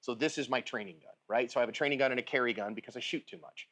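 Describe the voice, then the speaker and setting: At a shooting range, a man gives casual firearms instruction, speaking informally and often checking in with "right?" and "okay?" His medium-pitched voice is a bit bright, and he talks very fast in a chatty way.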